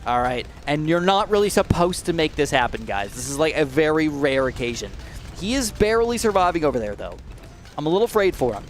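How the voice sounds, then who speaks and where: A man hosting live gameplay commentary, excitable and talking straight to his viewers, swinging from low muttering to shrieks of alarm. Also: a little fast, a little hiss or hum. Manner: addresses viewers directly. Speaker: gaming channel host.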